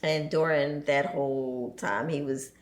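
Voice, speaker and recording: A woman in her forties, a guest on a podcast, chats casually and tells lively stories, laughing often and acting out her children's voices. Her voice sits low and unhurried, with a roomy sound and slight background noise.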